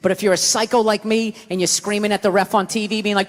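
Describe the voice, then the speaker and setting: A man doing a loud, profane stand-up routine on a comedy stage. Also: high-pitched, level tone, fast, in a large hall. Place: comedy stage with a live audience.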